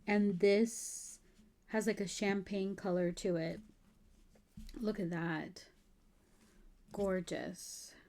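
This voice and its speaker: Slow, mellow-voiced gushing woman crafter. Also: medium pitch, steady tone. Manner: gushing, admiring, slow and drawn-out. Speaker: crafting vlogger. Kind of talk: casual show-and-tell haul.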